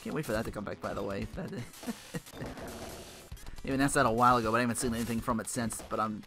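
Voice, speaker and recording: A man's voice: lowish voice, fairly even intonation, fast, pushed and bright, slight background noise. A man giving casual, rambling gameplay commentary, cursing freely and cracking jokes as he plays. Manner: rambling, profane, joking asides. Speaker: let's play host. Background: game music.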